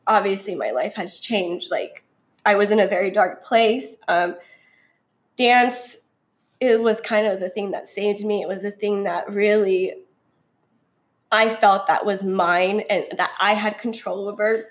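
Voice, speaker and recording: A young woman chatting openly about her story, full of fillers, sometimes bubbly and sometimes quiet. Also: medium pitch, unhurried. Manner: chatty, many fillers, shifts from bubbly to subdued. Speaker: guest sharing her story. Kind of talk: casual heartfelt conversation.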